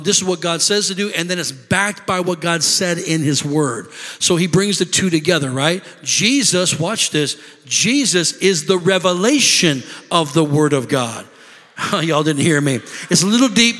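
A man's voice: fairly high pitch, normal speed, sharp tone. A man preaching a sermon as pastor, calling for amens and asking the congregation to respond. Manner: preaching with call-and-response asides. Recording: long reverb of a large hall.

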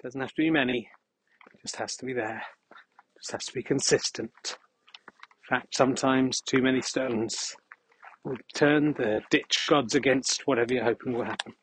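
A man hosting a podcast, rambling through a deadpan comic monologue outdoors while walking. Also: medium pitch, normal speed, slight background noise, low-quality recording. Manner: deadpan, absurd asides. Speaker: podcast host. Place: outdoors on a dog walk.

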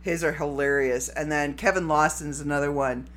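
A woman's voice: deep voice, steady tone, normal speed. A woman hosting a solo podcast in a rambling, giggly, casual way. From Canada. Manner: rambling and giggly, breaks into fits of laughter. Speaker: podcast host.

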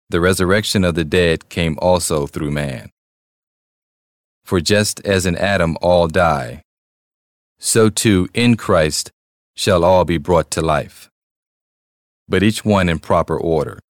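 A man giving a slow, deliberate liturgical reading of scripture. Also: sits low, dry recording, clean studio sound. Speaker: scripture reader.

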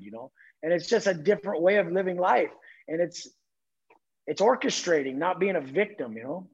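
Intense guy on a podcast, high-ish husky voice, swears a lot, kinda muffled lo-fi audio. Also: a little fast. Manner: blunt, profane, forceful. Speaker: podcast guest. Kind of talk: intense motivational talk.

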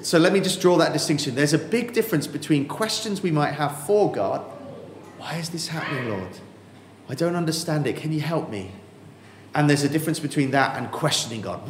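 A man preaching a sermon, earnest and emphatic, slowing down with dramatic pauses on key words. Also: on the high side, slight background noise. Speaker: pastor. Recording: echoey hall with faint ambience.

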